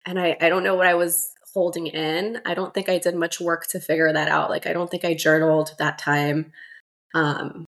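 Woman with a low gravelly voice. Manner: relaxed, filler-heavy, many "like"s. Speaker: guest, mother and doula. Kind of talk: casual storytelling interview.

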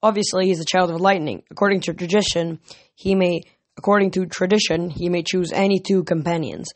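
A reader voicing a commanding teenage girl leader who speaks firmly and briskly. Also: mid-range voice, natural voice. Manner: firm, brisk, snapping. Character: sharp-minded teen girl camp leader, commanding. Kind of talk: audiobook reading.

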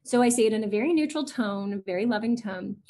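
A woman's voice: medium pitch, quick pace, warm tone. A woman in her forties, an educator and interview guest, talking in a chatty way with many fillers and acting out the voices of children. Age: 40s. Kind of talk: casual interview chat.

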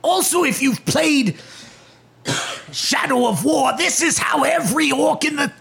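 A man voicing a menacing, contemptuous orc during a tabletop game, speaking slowly in a gravelly growl and barking insults. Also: very high-pitched, expressive, fairly bright tone, voice pushed up, full character voice. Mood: snarling. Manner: slow, scornful, barking insults.

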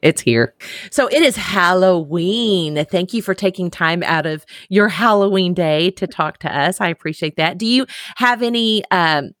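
A woman with a strong Texas twang hosts a casual podcast chat, gushing and enthusiastic. Her voice sits on the low side and sounds dry and close to the mic. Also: fairly bright tone, dry recording. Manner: chatty, enthusiastic, drawn-out twang. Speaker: podcast host.

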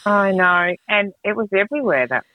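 Lively woman on a tinny radio line. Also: medium pitch, normal speed, dry recording. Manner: animated storyteller, acts out voices and laughs a lot. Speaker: political candidate and radio co-host. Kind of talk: casual radio chat. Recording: dry, phone-like radio sound.

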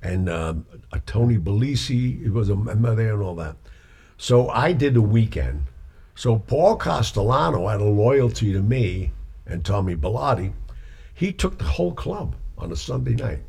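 A man's voice: fairly low pitch, moderate pace, gravelly, breathy edge. A man, a singer, telling anecdotes in casual chat and acting out the voices of the people in them. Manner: animated storyteller acting out quoted voices. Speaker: guest storyteller; singer, performer.

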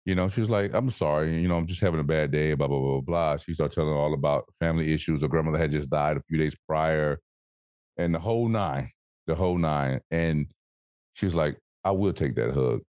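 A man co-hosting a podcast in casual chat, animated and swearing freely, acting out voices as he tells stories. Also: rumbling low, fairly quick, no echo, clean studio sound. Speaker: podcast co-host.

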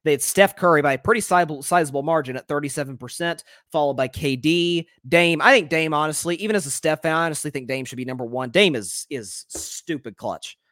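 A young adult man hosting a solo sports commentary podcast, talking in an animated way with frequent repeated words and restarts. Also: a little high, brisk, hardly any pauses, no room sound, studio quality. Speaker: podcast host.

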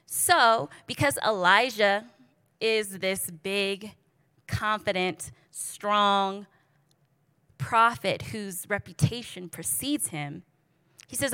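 A woman's voice: mid-range voice, slow pace, clear, resonant tone, no room sound. A woman preaching in a casual, storytelling way, joking and talking straight to her listeners. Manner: lively, joking, addresses the audience directly.

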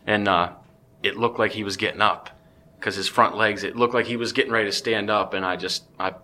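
Deep-voiced man telling a hunting story. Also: a little fast. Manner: animated, excitable storytelling with many restarts. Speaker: podcast guest. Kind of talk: casual storytelling.

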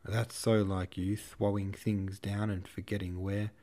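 A man voicing a hot-tempered male hussar officer who lisps, blusters and curses as he shouts. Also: lowish voice, level tone, measured pace, natural voice. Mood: exasperated. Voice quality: lisping.

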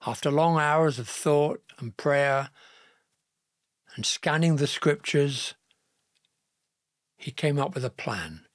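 A man narrating a Bible story in a slow, gentle, earnest reading style. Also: medium pitch, no echo, studio quality.

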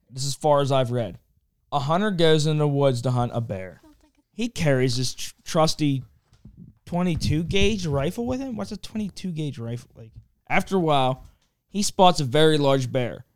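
A man's voice: a little high, clean tone, no room sound, clean studio sound. A man co-hosting a podcast, reading crude jokes aloud in a loose, swearing, casual way. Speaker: podcast co-host.

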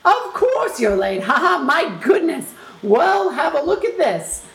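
A woman's voice: sits high, sing-song, measured pace, creaky, roomy sound, full character voice. A woman voicing a giddy, eccentric hat-maker with theatrical giggles.

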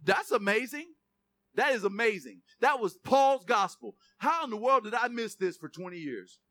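High lively guy preaching a sermon, cracks jokes, reads verses out loud. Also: moderate pace. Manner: animated, joking, reads scripture aloud. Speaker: pastor.

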